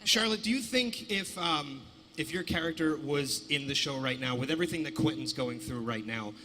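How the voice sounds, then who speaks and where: A man moderating a convention panel, friendly and brisk as he moves things along. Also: on the high side, sharp tone, a little hiss or hum. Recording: hall reverb.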